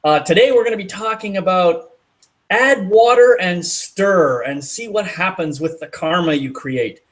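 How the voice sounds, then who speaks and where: A man hosting a casual talk show, relaxed and rambling, with fillers and restarts. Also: high-pitched, a little slow. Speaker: host. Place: outdoors in a city at dusk.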